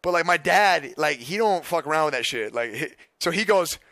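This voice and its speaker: Bright-voiced man telling a wild story. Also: a little high, fairly quick, no room sound, studio quality. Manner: excited, laughing, profane, many restarts. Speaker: streamer. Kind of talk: casual storytelling.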